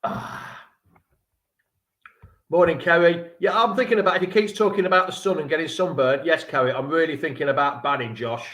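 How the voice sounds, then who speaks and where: Chatty fan-show host, echoey room. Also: male voice, fairly high pitch, fairly quick, a bit bright. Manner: chatty, rambling, jokey banter with viewers. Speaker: fan channel livestream host. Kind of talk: casual live-stream chat reading viewer comments. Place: room at home.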